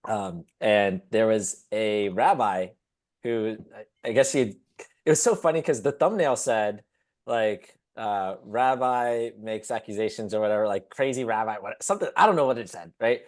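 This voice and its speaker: Guy on a podcast, animated, laughs a lot, does goofy voices for quotes. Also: normal speed. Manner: animated storyteller, acts out quotes in high squeaky voices, laughs often. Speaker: podcast co-host. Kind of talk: casual podcast chat.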